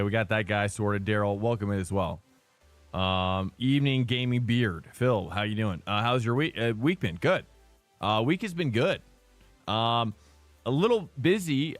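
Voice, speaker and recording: A man's voice: fairly low pitch, dry recording. A man streaming a sim race, chatting casually with lots of ums and uhs, often laughing as he rambles. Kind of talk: casual live-stream chat while racing. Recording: loud music playing behind. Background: loud music.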